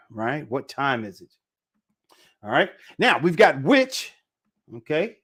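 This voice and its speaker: A man teaching a casual live online Spanish lesson, repeating phrases slowly for pronunciation. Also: on the low side.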